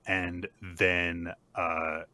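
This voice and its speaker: A man hosts a casual chat, recapping a story in an easygoing way full of fillers and laughter. His voice sits fairly low but has a bright, forceful tone. The sound is dry and close. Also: level tone, extremely slow, no echo. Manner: laid-back, many fillers, laughs often. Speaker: podcast host.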